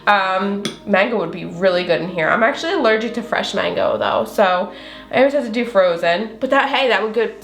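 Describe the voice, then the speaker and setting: A woman's voice: mid-range voice, a little fast, echoey room, soft background music. A woman with a slight Southern accent chatting casually through a recipe demo, full of fillers and little laughs. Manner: chatty, filler-heavy, giggly. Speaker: recipe vlogger.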